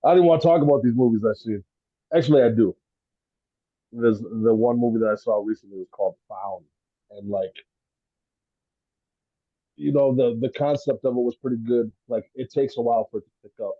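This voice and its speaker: A man's voice: medium pitch, a little fast, pauses often, no echo, lo-fi sound. A man telling a story in a rambling, laughing way on a casual podcast, swearing freely. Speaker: podcast guest, rapper. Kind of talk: casual chat.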